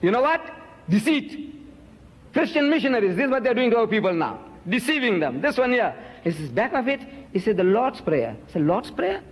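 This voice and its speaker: Emphatic high-voiced man lecturing. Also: very animated, fairly quick, in a large hall. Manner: emphatic, accusing, swings pitch up sharply on key words. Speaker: Muslim preacher and debater. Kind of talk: public lecture to an audience.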